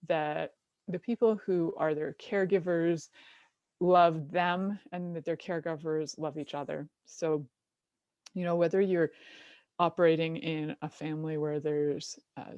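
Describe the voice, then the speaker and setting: A middle-aged woman hosting a talk show in a casual, animated monologue. Her voice sits a little low and sounds close and dry, with no room around it. She laughs often and slips into little voices as she tells stories. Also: dry recording, highs cut off. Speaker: show host.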